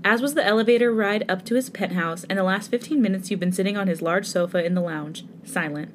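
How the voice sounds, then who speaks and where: A woman's voice: mid-range voice, fast talker, a little hiss or hum. A woman narrating a fanfic aloud in a casual way, laughing now and then. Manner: casual, breaks into laughter while reading. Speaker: fanfic reader.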